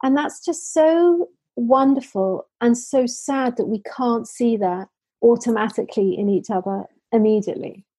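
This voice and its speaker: A woman's voice: fairly high pitch, a little slow, warm tone, husky, no room sound. A woman from the United Kingdom, a social enterprise founder, answering interview questions in earnest stories full of restarts and fillers.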